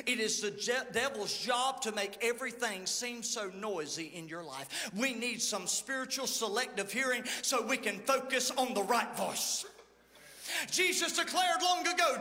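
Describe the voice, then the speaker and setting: A man, the lead pastor, preaching a sermon and telling stories, swinging between loud calls and hushed asides. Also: sits high, in a large hall. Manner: playful storytelling, acting out the people in his stories.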